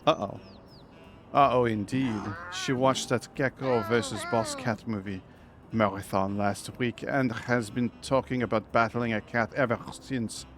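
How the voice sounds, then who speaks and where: A man voicing a fussy, protective big-brother bird with a mock French accent and a soft, slightly effeminate delivery. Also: medium pitch, steady tone, unhurried, natural voice.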